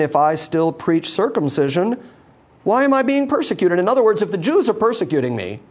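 A man preaching a sermon, emphatic and repetitive, swinging from loud bursts down to quiet, low lines. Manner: emphatic, repeating words for stress.

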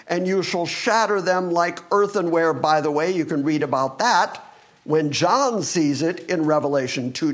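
Fast-talking male pastor preaching. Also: on the high side. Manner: fast-paced, emphatic scripture reading. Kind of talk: sermon.

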